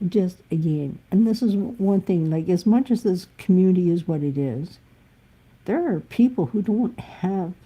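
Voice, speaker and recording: A woman's voice: lowish voice, slightly rough, muffled recording. A woman musician talking candidly and bluntly in a live-stream monologue. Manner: blunt, emphatic, occasionally swearing.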